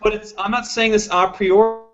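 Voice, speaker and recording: Man, host, opinionated, emphatic, slightly high voice, dull lo-fi call audio. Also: steady tone, brisk. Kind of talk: casual political chat.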